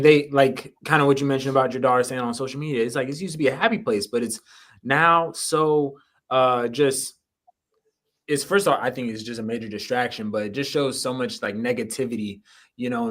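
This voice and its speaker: A man's voice: medium pitch, a little fast. A man co-hosting a casual podcast, laid back and rambling. He reaches for his words with plenty of "like" and "I mean.". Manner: relaxed, rambling, many fillers.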